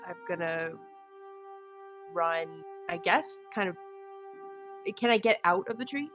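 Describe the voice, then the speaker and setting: Hesitant low-voiced woman player. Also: slow, fairly bright tone, faint music behind. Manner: hesitant, trailing off while deciding. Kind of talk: casual tabletop play.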